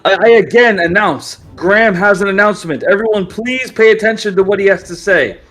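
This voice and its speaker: Man doing a shouting mage herald. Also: sits high, a little fast, pitched above the performer's own voice. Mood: proclaiming. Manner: proclaiming, insistent. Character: loud male mage herald.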